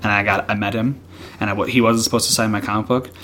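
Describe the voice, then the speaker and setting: A man co-hosting a casual podcast about comics, talking in an excited, rambling way with frequent laughs and restarts. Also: lowish voice, fast talker, slight background noise. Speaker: podcast co-host.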